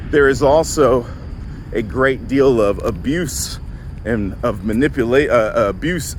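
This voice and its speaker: A counselor and vlogger in his forties, from the Southern US and speaking with a Southern accent, walks outdoors as he delivers a reflective monologue. His mid-range voice is earnest and conversational, with frequent check-ins, and there's slight background noise.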